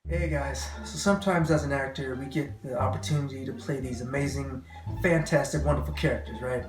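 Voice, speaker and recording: Animated, laughing comic actor man. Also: medium pitch, fairly quick, reverberant, over music. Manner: animated, laughing, self-mocking. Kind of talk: comedic monologue to camera.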